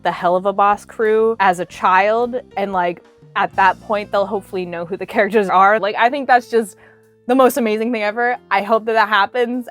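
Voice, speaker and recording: Young woman vlogging, bubbly and chatty, kinda high voice, faint music behind. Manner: bubbly, animated, lots of "like" fillers. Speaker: cosplay vlogger. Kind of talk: casual storytime to camera.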